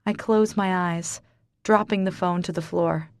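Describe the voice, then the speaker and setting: A woman's voice: on the low side, steady tone, unhurried, dry recording, clean studio sound. A woman narrating a romance audiobook in the first person, intimate and dramatic.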